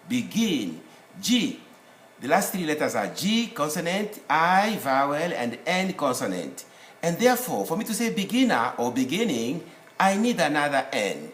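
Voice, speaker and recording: A man teaches a spelling lesson in a lively, up-and-down voice, working through each rule with examples and spelling out the letters one by one. He sounds roomy and echoey, with a faint hiss behind him. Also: fairly high pitch. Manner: explains step by step with worked examples, spells out letters. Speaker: English teacher. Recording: echoey room with faint noise.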